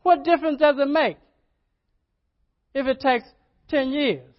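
A man's voice: extremely high pitch, a little slow, lo-fi sound. A man preaching a sermon as pastor, in a folksy, repetitive way, often asking the congregation questions.

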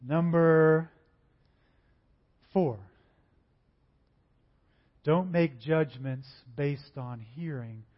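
A man preaching a sermon, conversational and animated, acting out little dialogues in different voices. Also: fairly high pitch. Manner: acts out dialogues in varied voices. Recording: dull lo-fi recording.

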